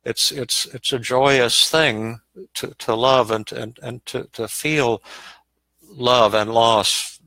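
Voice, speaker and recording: An older man, a psychiatrist, telling a personal story in a live question-and-answer session, halting and repeating words as he goes. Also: mid-range voice, fairly even intonation, creaky, pushed and bright, no echo, rough recording. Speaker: psychiatrist and podcast host.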